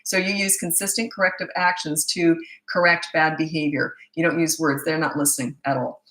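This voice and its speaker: A woman's voice: sits low, steady tone, brisk, fairly bright tone. A middle-aged woman parenting coach answering questions bluntly, with no filter and a habit of laughing at herself. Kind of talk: live Q&A answering viewer questions.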